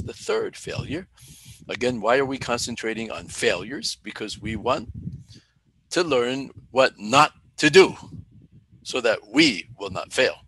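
A man teaching a Bible lesson in a deliberate way, asking questions and then answering them himself. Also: mid-range voice, fairly bright tone, a little hiss or hum, rough recording. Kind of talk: teaching sermon.

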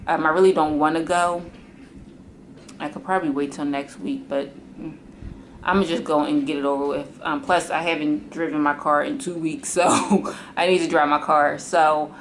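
A woman vlogging about her workout in a casual, rambling way, full of ums and likes, sounding tired and low on energy at home. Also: fairly even intonation, moderate pace, slight background noise. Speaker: fitness vlogger and mother. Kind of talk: casual chat to camera.

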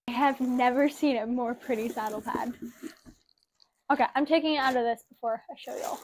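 A young woman vlogger doing a casual unboxing at home, gushing and excitable, a little out of breath, filling her talk with "like" and "oh my gosh". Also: on the high side, a little fast, slight background noise. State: slightly out of breath. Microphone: wireless mic.

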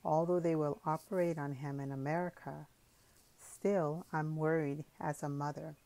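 A chatty, fussing older village mother, read by a woman narrator in an audiobook. She talks in a low, steady voice full of motherly worry. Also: moderate pace, creaky, poor audio.

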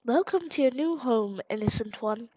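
A woman voicing a gentle, motherly goat-like guardian from a video game, speaking her lines in a soft, formal and reassuring way. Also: on the high side, expressive, moderate pace, slightly rough, no echo, rough recording. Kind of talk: reading game dialogue aloud.

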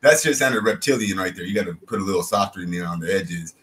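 A man hosting a livestream panel, teasing his guest with quick-fire questions in casual banter. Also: low-pitched, expressive, fairly bright tone, breathy edge. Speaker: livestream host.

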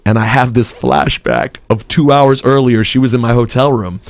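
A man's voice: medium pitch, fairly even intonation, normal speed, no room sound. A man hosting a casual morning radio show, telling a story in a joking way and doing the voices of the people in it. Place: radio studio.

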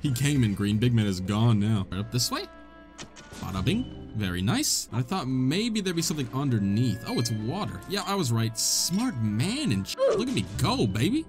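A man narrates his gameplay in a wisecracking let's-play style, laughing often. His voice swings high and low with lively pitch. Soft game music plays underneath. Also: normal speed. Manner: jokey, wisecracking, laughs a lot. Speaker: gaming channel host.

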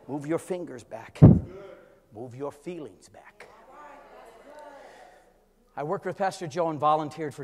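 An older man, a pastor, preaching a storytelling sermon that swings from quiet talk to shouting, in a church. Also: medium pitch. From California. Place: church sanctuary. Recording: church hall with long reverb.

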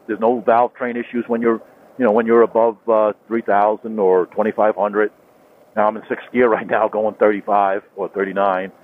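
A man, talking casually into a helmet mic while riding his motorcycle on a rural highway, rambling with lots of fillers and restarts. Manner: rambling, repeats himself, many fillers and restarts. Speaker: motorcycle vlogger. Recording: tinny phone-like helmet mic with road noise.

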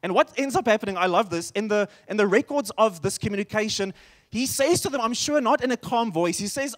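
High-voiced animated male pastor preaching. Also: brisk. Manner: animated storytelling, emphatic repetitions. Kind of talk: sermon. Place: church.

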